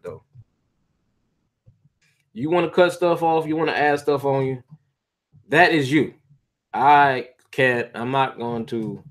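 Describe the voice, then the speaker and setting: A man talking straight to his camera in a loose, rambling way, full of slang, false starts and asides to the viewers. His voice sits at an ordinary middle pitch. It sounds like a casual home video. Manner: rambling, chatty, with restarts and slang. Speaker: vlogger.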